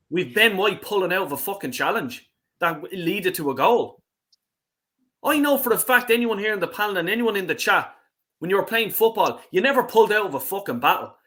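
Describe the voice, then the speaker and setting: A man's voice: high-pitched, bright, forceful tone. A man hosting a fan panel stream, talking heatedly and swearing, with frequent fillers. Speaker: host.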